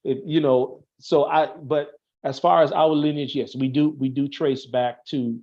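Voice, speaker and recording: A man's voice: mid-range voice, steady tone, a little slow, a little mellow, highs cut off. A man explaining things in casual chat, earnest and stopping to restart his sentences often. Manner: earnest, thinks aloud with many restarts and fillers. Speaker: Masonic officer, guest on an online show.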